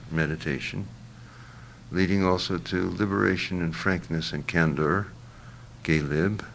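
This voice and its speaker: An older man being interviewed, answering in a halting, reflective way with many fillers and restarts. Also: sits low, vocal fry, slight background noise.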